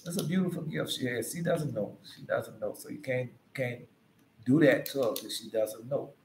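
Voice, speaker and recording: A man's voice: medium pitch, moderate pace, creaky, a little mellow, slight background noise. A man giving informal Bible teaching, talking loosely and conversationally and quizzing his listeners. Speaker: preacher. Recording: echoey room.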